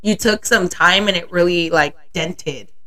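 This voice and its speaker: A woman's voice: fairly low pitch, unhurried, bright, forceful tone. A young woman co-hosting a podcast, chatting casually and telling candid stories with frequent laughter. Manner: candid storytelling, laughs often. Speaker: podcast co-host. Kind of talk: casual chat.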